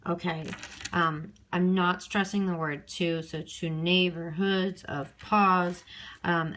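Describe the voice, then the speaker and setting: A woman's voice: on the low side, sharp tone. A woman teacher recording an extra help lesson on her handheld phone, thinking aloud step by step with many ums and okays.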